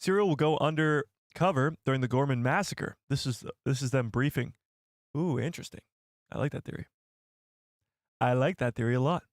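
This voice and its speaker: A man's voice: medium pitch, moderate pace, dry recording, studio quality. A young man hosting a casual live stream, chatty and jokey, thinking aloud with fillers as he reads out viewer comments.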